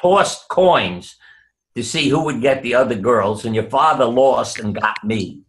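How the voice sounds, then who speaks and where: A man's voice: medium pitch, expressive, unhurried, a bit bright. An older man recounts personal stories as an interview guest. He slips into the voices of the people he quotes. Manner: anecdotal, acts out quoted voices. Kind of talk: storytelling interview.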